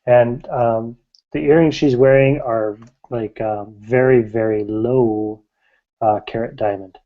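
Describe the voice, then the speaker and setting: A man's voice: medium pitch, fairly even intonation, takes it slowly. A man narrating as game master of a tabletop game, casual and rambling, laughing often, on a muffled recording.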